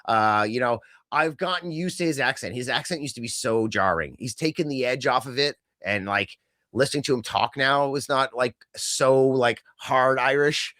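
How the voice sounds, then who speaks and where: Here a man with a medium-pitched voice talks at a moderate pace, his tone bright and forceful. As a podcast co-host, he chats casually about wrestling in a rambling way, peppered with fillers and quoted asides, over clean studio sound with no room sound.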